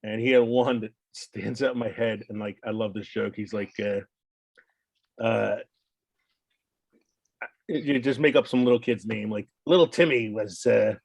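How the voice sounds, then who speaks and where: A man's voice: fairly low pitch, a little slow, creaky, long pauses, no room sound. A middle-aged man co-hosting a podcast, chatting casually and telling jokes with lots of laughter. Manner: animated joke-telling, laughs often. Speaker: podcast co-host. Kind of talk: casual chat.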